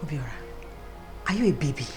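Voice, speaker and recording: A woman's voice: deep voice, expressive, quick pace, over music. A woman with a Nigerian English accent acting in a film drama, speaking in a cool, firm way.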